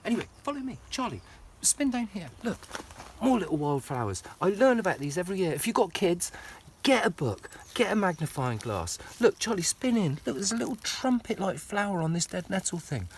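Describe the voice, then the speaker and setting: A man's voice: high voice, very animated, a little fast, slight background noise. A man giving a passionate, emotional walking tour of his plant nursery, talking to camera outdoors.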